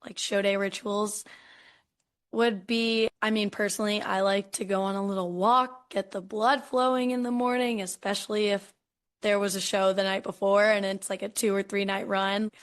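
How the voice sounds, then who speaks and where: A young woman hosting a casual podcast interview, telling stories in a chatty, animated way with lots of filler words. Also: mid-range voice, moderate pace, clear, resonant tone. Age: young adult. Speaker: podcast host.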